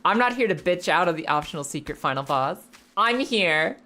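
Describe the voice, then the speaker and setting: A young woman streaming a game, chatting in a rambling, animated and profane way. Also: on the low side, moderate pace. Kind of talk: casual live game stream chat.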